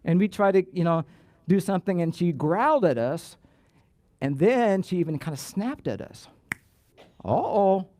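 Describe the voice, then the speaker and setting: Man preaching, fairly high voice, warm mellow tone, dry close sound, lively, repeats words. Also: moderate pace, long pauses, dry recording. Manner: animated, repeats words, stretches key words. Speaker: pastor. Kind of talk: sermon. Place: church sanctuary.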